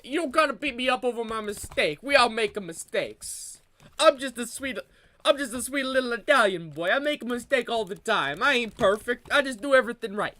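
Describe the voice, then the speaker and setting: A whiny, defensive young Italian guy with a thick mock accent and broken grammar, as a streamer puts him on. The voice is bright and forward, pitched a touch higher than normal speech. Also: animated, brisk, exaggerated voice. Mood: defensive whining.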